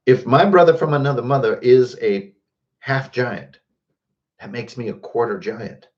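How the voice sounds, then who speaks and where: A man's voice: medium pitch, measured pace, darkish tone, lo-fi sound. Rambling, jokey man hosting a stream. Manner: rambling, jokey, greets chatters by name. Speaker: host. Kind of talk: casual livestream chat.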